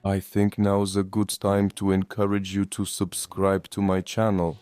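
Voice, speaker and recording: A man with a strong Eastern European accent, reading in a flat, even way. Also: deep voice, measured pace, clean tone. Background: faint background music.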